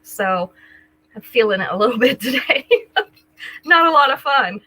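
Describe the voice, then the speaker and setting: An older woman hosts a live sale in a casual, chatty way, greeting viewers by name as she describes jewelry. Her voice sits a little high, with a bright, husky edge. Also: animated, moderate pace, faint music behind, rough recording. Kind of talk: casual live-stream selling chat.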